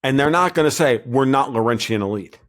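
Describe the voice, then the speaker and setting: Casting: male podcast guest, mid-pitched, blunt, rambling, lots of restarts. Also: lively intonation, fairly quick, a bit bright. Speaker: guest commentator. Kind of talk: casual podcast interview.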